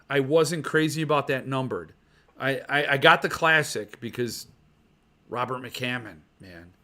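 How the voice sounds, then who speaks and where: Excitable bright-voiced male host. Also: on the high side. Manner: excitable, rambling, gushing. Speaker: podcast host. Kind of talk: casual livestream chat about book collecting.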